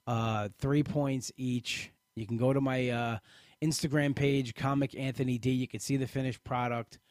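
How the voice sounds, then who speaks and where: A podcast host from an Italian-American family chats casually on a live show, talking close to the mic. His mid-range voice has a darkish tone, there's no room sound, and he rambles with restarts and fillers.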